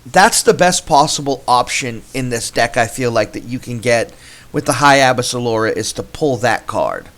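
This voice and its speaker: A man's voice: mid-range voice, lively intonation, normal speed, a bit bright. A man hosting a gameplay video, casually commentating his card game and thinking aloud with frequent restarts.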